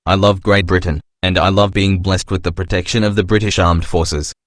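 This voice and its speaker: A man reading out an earnest Scottish male commenter with a Scottish accent, in a lower put-on voice. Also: little pitch movement, moderate pace, no room sound, clean studio sound, natural voice.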